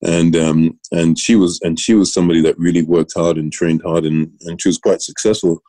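A middle-aged man from Britain recounts his coaching days in a casual interview, circling back and restarting as he goes. His voice sits very low and has a mellow, dark tone. The recording is close and dry, with no room sound. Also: steady tone, a little fast, no echo, rough recording. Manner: rambling anecdotes with restarts and laughs. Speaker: guest, former Olympian and coach.

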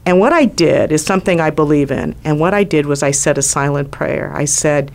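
A middle-aged woman, a former White House doctor, telling a lively personal story on a talk show. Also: sits low, fairly quick, creaky. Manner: lively anecdotal storytelling with acted quotes.

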